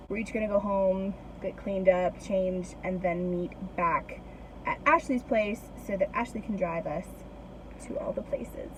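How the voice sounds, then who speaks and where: A young woman vlogging to her camera in casual chat, upbeat and quick to laugh, filming herself outdoors on a walk. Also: medium pitch, a little hiss or hum, rough recording. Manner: chatty and upbeat, laughs often.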